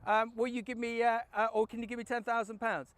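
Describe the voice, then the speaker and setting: A man's voice: extremely high pitch, little pitch movement, quick pace, smooth, no echo. A man voicing a sly older gambler who talks in a polite, coaxing way. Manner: polite, coaxing, repeats "Mister Taxman". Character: sly older male gambler, calm and wheedling.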